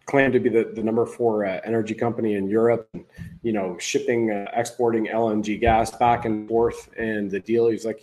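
A man's voice: on the low side, level tone, normal speed, mellow, low-quality recording. A man hosting a livestream, giving casual political commentary in a rambling, conversational way that often restarts. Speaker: livestream host.

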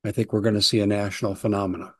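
Hoarse man hosting his own show. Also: on the low side, level tone, rapid-fire. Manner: urgent, earnest, reading out posts. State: hoarse from talking all day. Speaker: host. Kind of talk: solo show monologue.

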